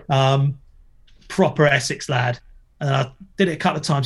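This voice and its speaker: A man's voice: mid-range voice, moderate pace, a bit bright. A middle-aged man, a former skateboarder and TV presenter, chatting as a podcast guest, joking and telling stories with plenty of swearing. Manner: jokey, storytelling, swears freely. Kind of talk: casual podcast interview.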